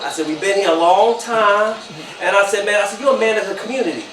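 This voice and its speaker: A man's voice: sits high, fast talker, slight background noise. A man, telling a family story at a holiday gathering and repeating "I said" as he acts it out. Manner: animated retelling, repeats "I said". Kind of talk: casual storytelling. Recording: roomy, from a distance, with a crowd.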